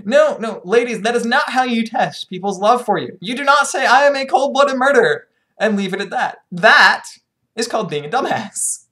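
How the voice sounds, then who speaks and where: A woman's voice: a little high, lively intonation, normal speed, fairly bright tone. A young woman casually summarizing a novel with irreverent, sarcastic and profane storytelling. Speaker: book reviewer.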